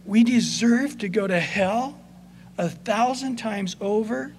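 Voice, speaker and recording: A man preaching a sermon as pastor, conversational, moving between soft passages and emphatic points. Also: high-pitched, slow pace, a little hiss or hum.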